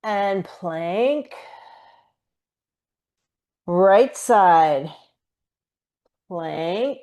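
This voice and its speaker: A woman's voice: fairly low pitch, animated, extremely slow, a little mellow, highs cut off. A woman leading a pilates class, giving cues and counting reps as she does the moves herself, a bit out of breath. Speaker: pilates instructor. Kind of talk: guided exercise class instruction.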